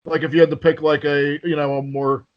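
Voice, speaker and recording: A man's voice: a little high, level tone, fairly quick, muffled recording. A man hosting an interview show, chatting casually, laughing along and teasing his guest. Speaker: show host.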